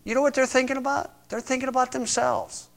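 A man preaching a conversational sermon, stressing points and reading scripture slowly. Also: very high voice, level tone, gravelly, fairly bright tone. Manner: conversational, emphatic, reads scripture aloud slowly.

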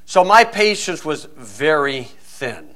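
Middle-aged guy preaching, blunt and kinda scornful, lots of why questions, voice a bit high. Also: big pitch swings, slow pace, a bit bright. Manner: blunt, scornful storytelling with repeated rhetorical questions. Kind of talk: sermon.

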